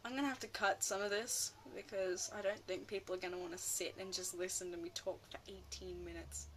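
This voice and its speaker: A woman ranting casually about a film, rambling excitably and often losing her train of thought. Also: mid-range voice, brisk, slight background noise. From Australia. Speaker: vlogger.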